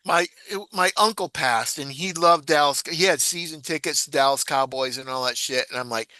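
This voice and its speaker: A man's voice: mid-range voice, a little fast, few pauses, sharp tone, no echo. A man from Texas chatting casually on a group video call, joking and swearing while fiddling with a gadget. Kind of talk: casual chat.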